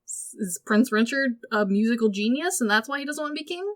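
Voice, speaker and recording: In a fairly quick, slightly high voice, a woman co-hosting a podcast chats about a movie with plenty of sarcasm. She's animated throughout, acting out lines as she talks it over.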